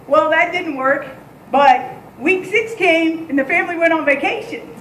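Woman, camp leader, high voice, candid and animated storyteller, roomy echo. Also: moderate pace, a little hiss or hum. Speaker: day camp and child care leader. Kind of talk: heartfelt thank-you speech telling a story.

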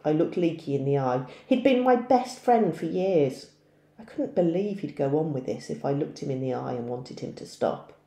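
A woman teacher reading a novel aloud in a steady storytelling voice. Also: low voice, moderate pace, echoey room.

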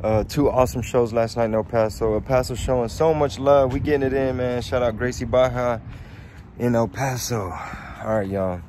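A man's voice: medium pitch, steady tone, moderate pace, darkish tone, a little hiss or hum. A man with a Texan accent, a touring comedian chatting casually in a slangy, laid-back way. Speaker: comedian on tour. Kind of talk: casual vlog chat.

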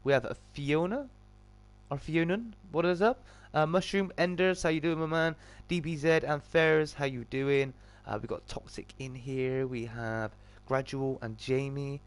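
A man hosting a live game stream, greeting viewers by name in a loud, excitable way with sudden jumps in pitch. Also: unhurried. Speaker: gaming streamer.

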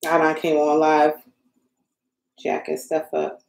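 Her voice sits low and gravelly, a little mellow, and comes out slow with a completely flat delivery. She's a young woman on a casual live stream in her home craft room, crafting and talking to viewers while flustered and joking about herself. The audio carries a roomy echo.

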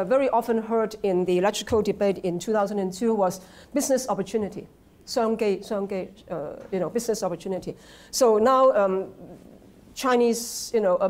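A woman with a Hong Kong accent giving an academic lecture, halting with many fillers and restarts, often checking with the audience. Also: mid-range voice, a little mellow. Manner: conversational, asks the audience "right?". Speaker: guest lecturer. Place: lecture hall.

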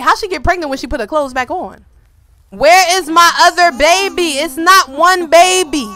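A young woman giving casual gameplay commentary, excitable, with loud outbursts and slang aimed at her viewers. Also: sits high. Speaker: gaming video creator.

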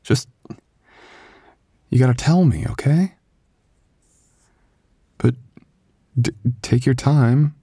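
A man's voice: low voice, animated, unhurried, long pauses, no echo, studio quality. A man voicing a loving young husband in an ASMR boyfriend role-play, stammering and soothing as he apologizes. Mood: worried.

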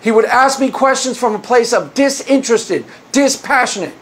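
A man with a strikingly high-pitched voice delivers an opinionated monologue to camera. He argues his point with sarcasm and mockery of his opponents. He often restarts words and phrases mid-sentence. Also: animated, moderate pace, a bit bright. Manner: argumentative, sarcastic, mocks opponents' views. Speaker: Christian apologist video host.

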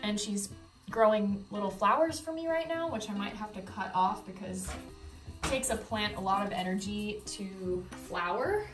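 A woman's voice: medium pitch, a little slow. Chatty woman vlogging in an echoey room. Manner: chatty, enthusiastic, lots of fillers. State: breathing heavily. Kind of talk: casual how-to vlog. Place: home office room. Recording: echoey room, faint music.

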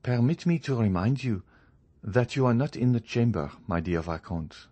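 A man reading a courteous, genial male journalist in a storybook, measured and increasingly firm. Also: medium pitch, lively intonation, mellow, voice pushed up, lightly acted. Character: genial male journalist, friendly yet proud.

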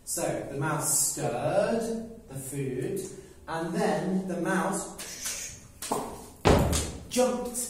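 A man telling a simple story slowly for English learners, often repeating words and checking that listeners follow. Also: on the high side, animated, noisy background. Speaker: English teacher. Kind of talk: slow story-telling lesson. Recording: echoey room, mic at a distance.

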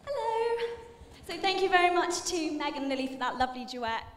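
A young woman announces acts at a live student dance show, out of breath and talking in a chatty, slightly flustered way. Her voice sits a little high. It rings with a long reverb through a big hall. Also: big pitch swings, a little fast, a little hiss or hum. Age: young adult. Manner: chatty, flustered, many fillers. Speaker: showcase presenter. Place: large dining hall.

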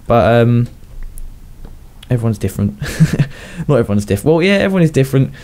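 A man's voice: medium pitch, very animated, normal speed, dark tone. A young man with a Southern English accent rambling through casual video game commentary, chatting to himself and laughing at his own jokes. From southern England. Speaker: gaming YouTuber.

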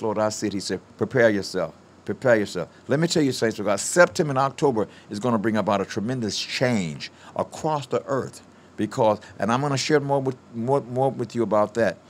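An older man preaching a fervent radio sermon, swinging from loud declarations down to quiet storytelling. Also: fairly low pitch. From United States.

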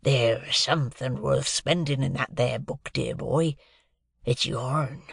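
Old convict, slow and husky, hoarse hush; narrator voices him. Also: male voice, medium pitch, fairly even intonation, dry recording, clean studio sound, full character voice. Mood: boastful. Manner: coarse dialect, hoarse hushed urgency. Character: rough older male convict, fiercely devoted.

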